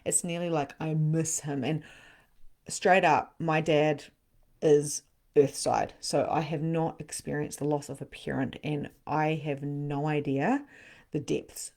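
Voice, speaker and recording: Woman medium, middle-aged, low-ish voice, live reading, slips into whispers. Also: fairly even intonation, a little slow, gravelly. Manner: dips into soft whispers. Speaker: spiritual medium and host. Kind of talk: live-stream card reading.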